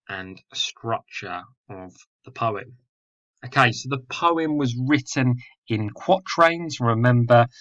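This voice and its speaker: A man's voice: lowish voice, fairly bright tone, dull audio. A man teaching a poetry lesson, explaining patiently with fillers and self-corrections. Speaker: English teacher.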